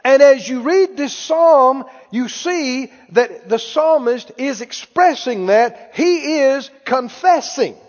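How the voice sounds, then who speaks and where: A man preaching a sermon, leading his congregation in call-and-response and rising to shouts. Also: very high voice, animated, slow pace, hardly any pauses. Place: church. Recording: dull recording in a reverberant hall.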